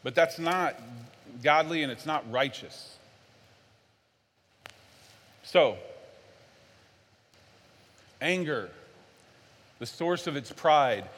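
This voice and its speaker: A man preaching a sermon, animated, swinging from low and earnest to loud and worked-up. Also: a little slow, pauses often. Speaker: pastor. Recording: long hall reverb.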